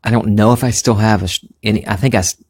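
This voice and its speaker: A man's voice: fairly low pitch, steady tone, fast, darkish tone. Earnest man with slight Southern accent. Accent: slight Southern American. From American South. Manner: earnest, musing, thinks aloud. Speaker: podcast host. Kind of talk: spiritual monologue.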